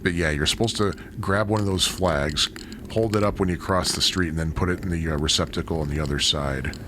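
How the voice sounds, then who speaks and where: Male cycling vlogger with a low voice and a rambling, chatty delivery, recorded outdoors on a camera with heavy road noise. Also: fairly quick. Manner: rambling, chatty, self-deprecating asides. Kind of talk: casual narration while riding a bike. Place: outdoors on a city bike trail and streets. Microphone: bike- or body-mounted action camera. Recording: outdoor wind and traffic noise.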